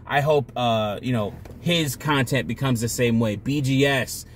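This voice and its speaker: A man's voice: medium pitch, measured pace, a little hiss or hum. A man talking to camera in a casual, rambling monologue, blunt and full of profanity. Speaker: vlogger.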